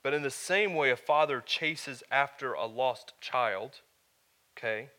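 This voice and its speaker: A middle-aged man preaching a sermon as pastor, telling a family story with animated rhetorical questions. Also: mid-range voice, a little slow.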